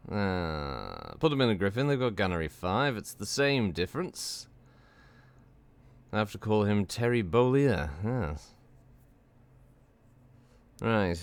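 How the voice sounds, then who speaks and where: A young man streaming a game, rambling and chatting casually, repeating "yes" and "good" a lot with dry, self-mocking humour. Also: lowish voice. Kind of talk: casual gameplay stream commentary.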